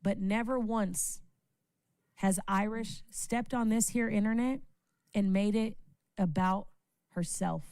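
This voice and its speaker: A woman's voice: mid-range voice, fairly even intonation, takes it slowly, long pauses, clear, resonant tone, no room sound. A woman giving an impassioned, profane livestream speech, repeating phrases for emphasis. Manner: profane, rising from earnest praise to yelling. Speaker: livestream panelist.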